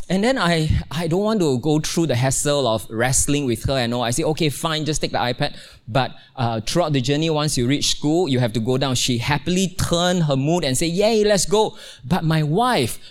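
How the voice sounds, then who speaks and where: Man, middle-aged, pastor, sermon, playful storytelling, fairly high voice. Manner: animated storytelling, playful, exclaims with rising pitch. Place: church, also streamed online.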